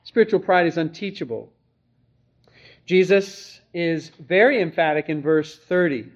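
A man delivers an expository sermon in a high, bright voice. He stays earnest and emphatic and often poses rhetorical questions to his listeners. The recording sounds a little dull and lo-fi. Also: expressive, unhurried. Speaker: pastor.

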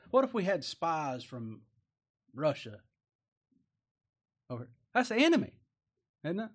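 A man preaching a sermon in a folksy way, asking rhetorical tag questions and moving between loud emphatic lines and quiet, slowed asides. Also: mid-range voice.

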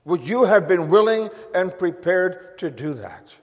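A man preaching a sermon to his congregation, slow and emphatic, reading scripture solemnly. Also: high voice, animated. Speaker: pastor. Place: church sanctuary. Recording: long reverb of a church hall.

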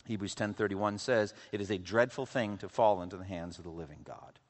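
A man preaching a sermon, swinging from loud, intense passages to hushed, quiet lows. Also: a little fast. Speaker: pastor. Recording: long hall reverb.

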